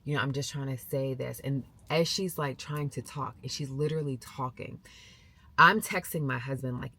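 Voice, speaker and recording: A woman's voice: a bass voice, moderate pace, dry recording. A middle-aged woman vlogger telling a story casually to the camera, acting out the voices of the people she quotes. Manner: animated, acts out quoted voices.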